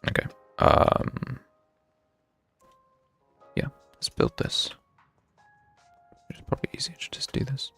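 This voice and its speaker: A man's voice: slow, pauses often, fairly bright tone, faint music behind. A young man chatting casually while streaming a game, thinking aloud with wry self-mockery. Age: young adult. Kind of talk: casual live gameplay commentary.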